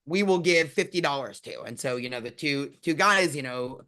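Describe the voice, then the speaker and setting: Guy rabbi hosting a chat, bright crisp voice, tells jokes all casual. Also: fairly high pitch, animated, normal speed. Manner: chatty, peppers speech with "you know". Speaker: rabbi and podcast host. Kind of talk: casual conversation, telling jokes.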